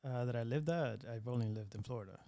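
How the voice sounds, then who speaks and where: A man from Venezuela, a guest on a casual podcast, answering briefly in a relaxed way. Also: mid-range voice, fast, gravelly, no echo, clean studio sound.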